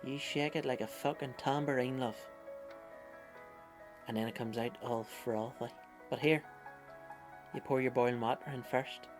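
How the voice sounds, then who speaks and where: A man doing a cheeky, sweary pitchman. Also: fairly even intonation, normal speed, pauses often, music in the background, natural voice. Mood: playful patter. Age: 30s. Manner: sweary, chatty sales patter. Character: cheeky swearing male pitchman, matey and rambling.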